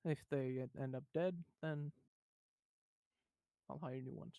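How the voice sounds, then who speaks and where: A man's voice: medium pitch, fairly even intonation, slow, vocal fry, warm tone, clean tone, no echo. A man playing a tabletop game in character as a smug, commanding boss. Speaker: player.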